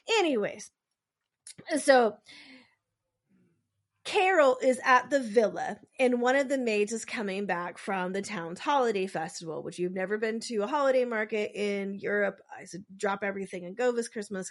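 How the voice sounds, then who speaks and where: A woman casually telling a true story on a podcast, rambling with lots of filler words and acting out quotes. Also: medium pitch.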